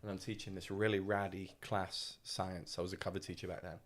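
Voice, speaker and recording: A man co-hosting a podcast, telling stories in a casual, animated way, often mimicking other people's voices and laughing as he talks. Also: low-pitched, fairly quick. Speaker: podcast co-host. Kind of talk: casual storytelling chat.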